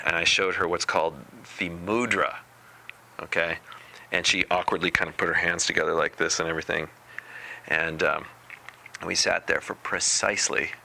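A man giving a spiritual talk as a meditation teacher, unhurried and deliberate with a gently playful touch. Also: low voice, creaky, slight background noise.

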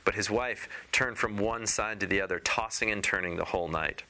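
A man narrating a fairy tale in a relaxed read-aloud, tossing in casual asides as he skips ahead. His voice sits low, yet the tone is strikingly bright and sharp. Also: fairly quick. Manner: informal asides and skipping parts. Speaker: storyteller.

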